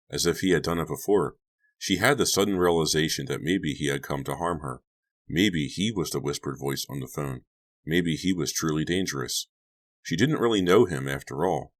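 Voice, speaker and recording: Very deep-voiced male audiobook narrator. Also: moderate pace. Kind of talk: scripted narration.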